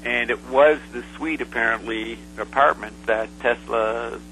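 Bright-voiced man telling a rambling story. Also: mid-range voice, vocal fry, slight background noise, poor audio. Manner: rambling, halting, full of "uh" fillers and restarts. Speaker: interview guest. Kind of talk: casual storytelling.

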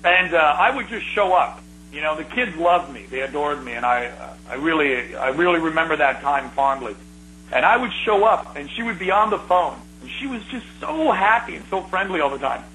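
Middle-aged man, fairly high bright voice, animated rambling storyteller, faint background hiss. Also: normal speed, low-quality recording. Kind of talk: casual reminiscing conversation.

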